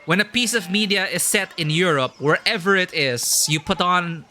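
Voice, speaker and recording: A man's voice: sits high, moderate pace, bright, forceful tone, slight background noise. A man streaming a story game, chatting casually and thinking aloud with lots of fillers. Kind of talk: casual live-stream chat.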